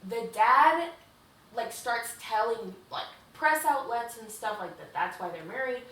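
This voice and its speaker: A woman's voice: a little high, animated, measured pace, fairly bright tone, far from the mic. A young woman co-hosting a podcast, recapping a book in a gushing, profane, filler-heavy casual chat. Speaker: podcast co-host. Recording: echoey room, away from mic, faint hiss.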